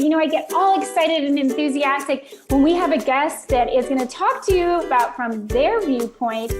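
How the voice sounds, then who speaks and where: A woman's voice: high-pitched, moderate pace, few pauses, over music, crowd noise. An exuberant woman from the Florida Keys hosting a podcast interview, talking in an exclamatory, enthusiastic way. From United States (Florida Keys). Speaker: podcast host.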